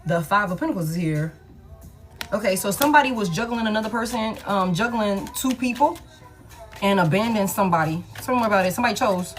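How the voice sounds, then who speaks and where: A woman gives a casual tarot reading in a slangy, emphatic manner, repeating points and swearing freely. Her pitch is mid-range for a woman. Soft music runs faintly underneath. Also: fast talker. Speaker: tarot reader.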